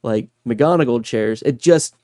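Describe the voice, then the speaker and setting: A man's voice: medium pitch, a little slow, mellow, no echo. A man co-hosting a book podcast in casual chat, thoughtful and laughing often. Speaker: podcast co-host.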